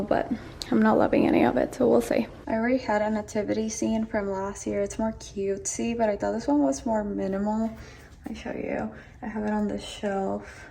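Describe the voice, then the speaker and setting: A woman's voice: medium pitch, gravelly, warm tone, a little hiss or hum. A young woman chatting casually at home as she vlogs about decorating, gushing and saying "y'all" often. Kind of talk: casual vlog chat. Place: at home indoors.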